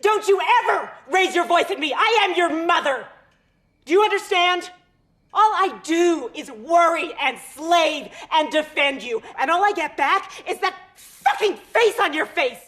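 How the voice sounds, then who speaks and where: A woman's voice: very high voice, expressive, measured pace, fairly bright tone, heavily acted. An actress playing a grief-stricken, volatile middle-aged mother in a film scene, sobbing, wailing and screaming. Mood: furious screaming. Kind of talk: film drama acting.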